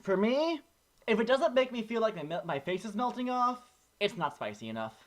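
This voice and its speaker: Man, casual podcast co-host, rambling animated storyteller, lively pitch swings. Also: fairly quick. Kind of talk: casual chat.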